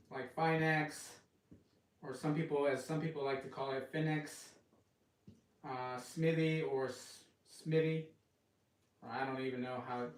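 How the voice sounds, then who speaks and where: In a low-quality, reverberant recording, a medium-pitched man hosts a live cooking stream. He's from the western United States and chats loosely with viewers, wandering off topic as he goes.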